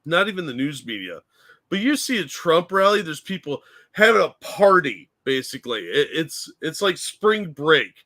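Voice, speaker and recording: Blunt, mocking man with a bright voice. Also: on the high side, sing-song, moderate pace, dry recording. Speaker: co-host. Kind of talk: casual political chat.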